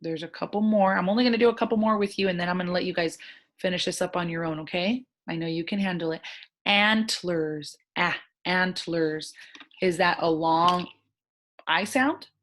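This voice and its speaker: A woman teaching a first grade phonics lesson, sounding out words slowly in a gentle, encouraging way. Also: lowish voice. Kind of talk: recorded online phonics lesson.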